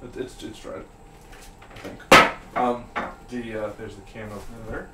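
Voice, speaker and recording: A man's voice: mid-range voice, unhurried. A young man co-hosting a casual live stream, joking around and reading chat aloud while painting. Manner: animated and jokey, reads chat aloud. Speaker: streamer co-host. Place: studio room being painted. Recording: roomy echo, faint noise.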